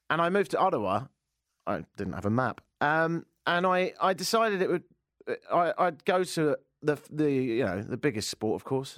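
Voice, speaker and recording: A man's voice: on the high side, fairly bright tone, no echo. A man hosting a comic radio talk show from the studio, ranting in a sarcastic, self-mocking way. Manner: sarcastic, self-mocking rants with mimicked chants.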